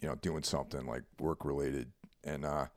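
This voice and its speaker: A man's voice: a bass voice, steady tone, moderate pace, no echo, studio quality. A man co-hosting a podcast in laid-back, rambling casual chat, often checking in with his co-host. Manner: laid-back, rambling, leans on "you know what I mean".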